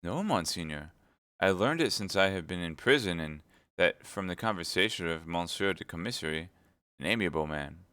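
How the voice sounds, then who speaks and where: A man's voice: sits low, lively intonation, normal speed, pushed and bright, clean tone, no echo, clean studio sound. A man voicing a timid, fawning middle-aged mercer who is eager to please. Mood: meek. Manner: meek and eager to please, turning frantic.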